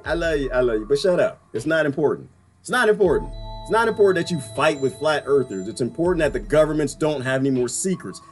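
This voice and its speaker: A man hosting a casual livestream, ranting in an animated way and laughing often as he reads viewer comments. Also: sits high. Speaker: livestream host.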